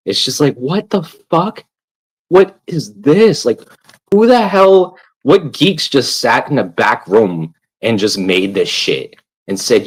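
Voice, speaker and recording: A man's voice: lowish voice, lively intonation, measured pace, pauses often, poor audio. A man streaming live, ranting casually while he plays a game, swearing often and padding his talk with "like". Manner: rambling, swears constantly, fills with "like". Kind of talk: casual profane rant while gaming.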